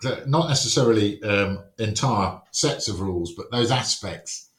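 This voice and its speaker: Lowish male podcast guest, wry storyteller who acts out quotes, echoey room. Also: animated, moderate pace. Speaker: wargames rules writer, podcast guest. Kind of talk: casual podcast conversation. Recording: roomy echo.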